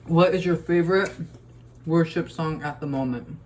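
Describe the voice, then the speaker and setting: A man's voice: on the high side, normal speed, darkish tone, a little hiss or hum, poor audio. A young man, a youth ministry leader, chatting casually while cooking and telling a rambling story. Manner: laid-back, rambling storyteller.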